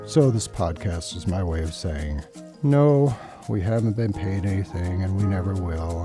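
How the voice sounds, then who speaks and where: An older man hosting a podcast as its writer, speaking with dry, wry asides. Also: deep voice. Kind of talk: spoken podcast commentary.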